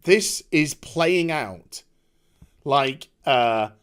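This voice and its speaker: A man's voice: on the high side, animated, very slow, fairly bright tone, clean tone. A man ranting in a vlog, heated, scornful and profane. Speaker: online commentator. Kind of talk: angry rant vlog.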